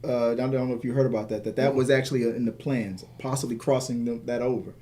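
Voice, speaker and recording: Rambling excitable man chatting films. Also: mid-range voice, quick pace. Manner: rambling and excitable, many restarts. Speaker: podcast co-host. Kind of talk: casual movie chat.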